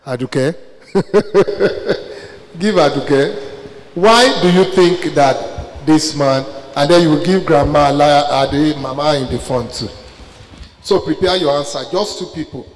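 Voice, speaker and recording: Nigerian preacher with a higher voice. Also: male voice, slow, big-room sound, rough recording. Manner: asks the congregation questions, then answers them. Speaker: preacher leading a Bible study. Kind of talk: interactive sermon.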